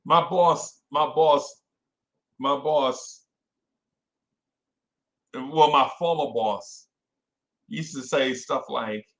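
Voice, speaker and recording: A man hosting a casual fan podcast, animated and self-correcting, calling out listeners by name. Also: mid-range voice, very slow, pauses often. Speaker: podcast host. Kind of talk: casual live-stream chat with fans.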